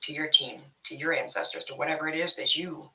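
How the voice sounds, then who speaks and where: A woman's voice: low-pitched, fairly even intonation, fast, bright, forceful tone, distant mic, poor audio. A woman giving a casual spiritual tarot reading to her viewers, rambling and blunt, swearing freely as she talks. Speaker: tarot reader.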